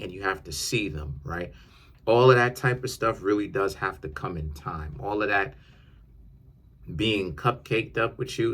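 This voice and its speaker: Slangy animated man, bright voice. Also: fairly low pitch. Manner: animated, repetitive, slangy street talk. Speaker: tarot reader. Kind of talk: casual monologue.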